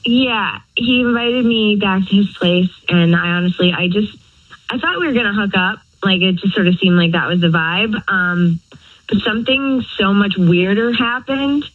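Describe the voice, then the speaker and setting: A woman's voice: medium pitch, normal speed, no room sound. A young woman calling in to a radio show and telling a story in a chatty, exasperated way, full of likes and fillers. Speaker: caller. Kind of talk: casual storytelling on the phone. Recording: muffled phone-line sound.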